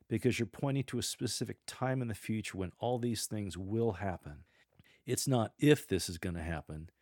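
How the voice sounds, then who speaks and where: A man with a low, deep voice coaches church readers, stopping to perform the scripture lines with feeling. The sound is dry and close, with no room around it. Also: no echo. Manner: gentle, warm coaching with demonstrative read-aloud passages. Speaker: lector trainer. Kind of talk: instructional coaching on scripture reading.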